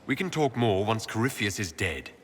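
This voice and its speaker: A man's voice: fairly low pitch, big pitch swings, normal speed, fairly bright tone, long reverb tail, slight background noise. An actor playing a plainspoken, earnest male leader in a video game. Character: steady, loyal male leader of an order.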